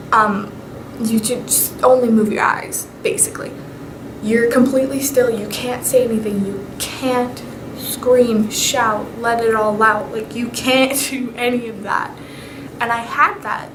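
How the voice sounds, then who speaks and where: A young woman vlogger telling paranormal stories in a casual, animated way. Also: a little high. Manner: chatty, animated, with whispered asides. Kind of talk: casual storytelling. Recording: echoey room with clear background noise.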